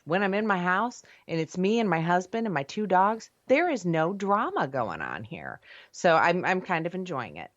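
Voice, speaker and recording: A woman's voice: lowish voice, huge pitch swings, a little slow, dry recording. A woman, a paranormal investigator and author, chatting as a guest in a casual interview, laughing often and restarting her phrases. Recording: dull lo-fi remote audio.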